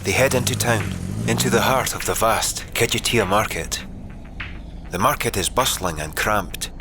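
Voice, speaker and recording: Deep-voiced male audiobook narrator. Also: gravelly, noisy background. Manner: measured, vivid storytelling. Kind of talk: scripted narration.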